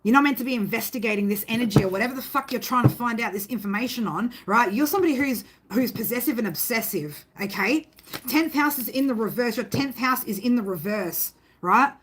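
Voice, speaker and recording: A woman's voice: on the high side, lively intonation, fairly quick, breathy edge. Emphatic rambling woman reading tarot. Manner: rambling and emphatic, swears, keeps asking "right?". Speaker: tarot reader. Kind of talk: casual spoken tarot reading.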